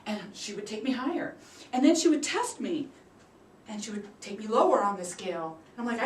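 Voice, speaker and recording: A woman giving a prepared storytelling speech at a public speaking club. She acts out the quoted voices with big leaps in pitch and loudness. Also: lively intonation, normal speed. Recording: roomy sound from a distant mic.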